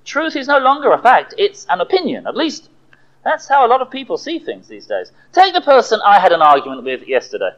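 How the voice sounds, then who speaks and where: Lively preacher, lo-fi recording. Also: male voice, high voice, fairly quick. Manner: animated, dramatic storytelling delivery. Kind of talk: sermon. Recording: dull lo-fi recording.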